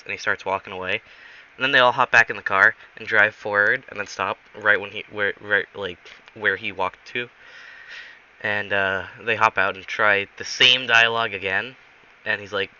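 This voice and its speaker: A man's voice: on the low side, normal speed, bright, forceful tone. Rambling man telling a goofy story. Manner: rambling, self-correcting, many fillers. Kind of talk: improvised comic story narration. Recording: dull recording with faint hiss.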